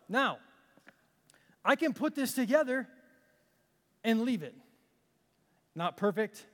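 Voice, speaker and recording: A man with a high-pitched voice preaches to his congregation, repeating key phrases for emphasis and pausing for effect. He mixes in self-deprecating asides between scripture readings. His voice carries a long reverb from the church hall. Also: fairly bright tone. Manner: self-deprecating, with dramatic pauses and emphatic repetition. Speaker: pastor. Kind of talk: sermon.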